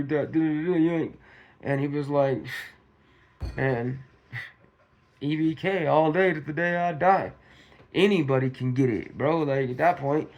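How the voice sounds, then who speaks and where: A man's voice: on the high side, darkish tone. A man from Modesto, California, giving casual, slangy commentary on a news story and acting out scenes with swearing.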